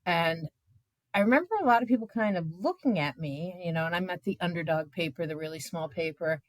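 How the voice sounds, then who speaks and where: A woman journalist in her fifties recounts her experiences in a candid, conversational way, animated and emotional and full of filler words. Her voice sits on the low side for a woman, and the recording is dry, with no room sound. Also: fairly quick, dry recording. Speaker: journalist guest.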